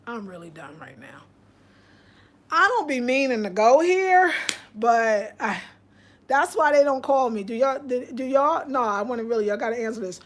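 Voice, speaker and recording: A woman's voice: sits high, moderate pace. Outspoken woman host on a live stream. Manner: outspoken, preachy, reads viewer comments aloud. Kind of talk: casual live-stream chat.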